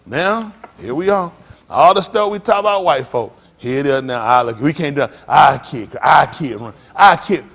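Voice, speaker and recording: A man preaching a sermon as pastor, telling stories with loud outbursts. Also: on the high side, normal speed, gravelly. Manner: animated preaching with storytelling, loud outbursts and laughs.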